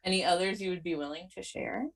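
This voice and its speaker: A woman's voice: lowish voice, steady tone, fast, creaky. A woman hosting a podcast, asking her guest easygoing questions in a casual interview chat. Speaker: podcast host. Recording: voice far from the mic.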